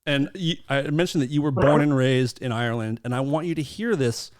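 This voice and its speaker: A man's voice: mid-range voice, brisk, clear, resonant tone, no room sound, studio quality. A man hosting a casual podcast, talking loosely and profanely, often laughing. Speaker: podcast host.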